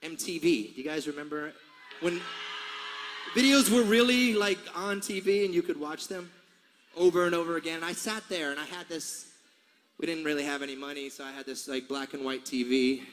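Between songs, a forties-aged singer jokes with the audience from a big concert stage, spinning meandering tales and laughing along. He speaks at a normal pace in a somewhat high, slightly bright voice, while the hall echoes and the crowd murmurs faintly.

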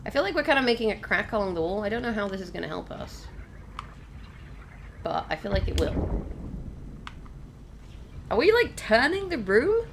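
This young woman, a let's play host, chats casually with viewers while playing a video game, exclaiming at the action on screen. Her mid-range voice is very animated at a normal speed, broken by long pauses. Game ambience is clearly heard behind her, adding background noise.

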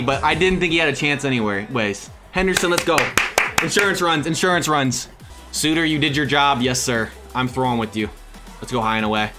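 A young man giving lively, excitable commentary on his own baseball video game, switching between hype shouts and muttered asides. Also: fairly high pitch, a little fast. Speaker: gaming YouTuber. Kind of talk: excited live gameplay commentary. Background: background music.

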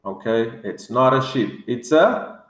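A man teaching English words to young children, drilling each word slowly with excited gasps. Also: mid-range voice, echoey room. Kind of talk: vocabulary lesson for kids.

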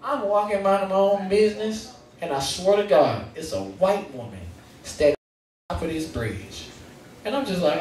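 A young man with a St. performs animated, profane stand-up, his voice high and swinging widely. He sounds distant from the mic in a big, echoing room. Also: moderate pace. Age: young adult. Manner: animated, profane, acts out scenes. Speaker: stand-up comedian. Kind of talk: stand-up comedy storytelling. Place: comedy stage in a live venue.

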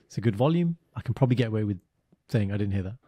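A man from the UK co-hosting a casual podcast chat, telling stories in an animated, teasing way. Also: fairly low pitch, racing, husky, no room sound. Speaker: podcast co-host.

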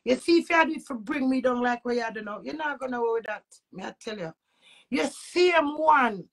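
A Jamaican woman delivering a preachy rant straight to her viewers. Her voice sits fairly high but carries a gravelly, fried edge, jumping from loud bursts down to low mutters. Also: fast. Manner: emphatic, preachy, swings between loud outbursts and low muttering. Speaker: social media personality. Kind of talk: ranting monologue to camera.

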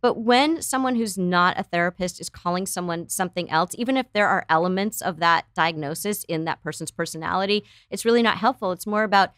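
A woman's voice: lowish voice, a little fast, few pauses, a bit bright, no room sound, clean studio sound. Earnest middle-aged woman therapist explaining. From United States. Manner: earnest, explanatory, acts out quoted voices. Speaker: psychotherapist guest. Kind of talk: conversational interview explaining.

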